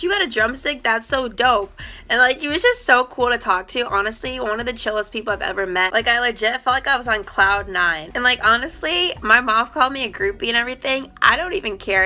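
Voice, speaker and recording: A young woman vlogger telling a story in a chatty, excited way, peppering her sentences with "like.". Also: fairly high pitch. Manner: chatty, excited, full of "like" fillers. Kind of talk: casual storytime.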